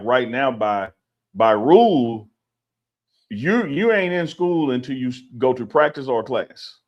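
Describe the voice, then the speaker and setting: Animated low-voiced male sports talk co-host. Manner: animated, opinionated, laughs and repeats himself. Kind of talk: casual sports talk show.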